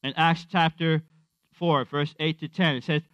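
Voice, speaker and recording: A man's voice: on the high side, fairly even intonation, a little slow, a bit bright, no echo, highs cut off. A man preaching a conversational sermon, repeating his refrains and acting out quotes.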